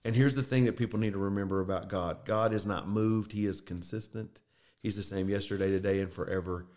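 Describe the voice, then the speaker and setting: Earnest low-voiced man, choked up. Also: fairly even intonation, a little fast, darkish tone. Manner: earnest, emotional storytelling. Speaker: podcast host. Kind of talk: casual faith talk.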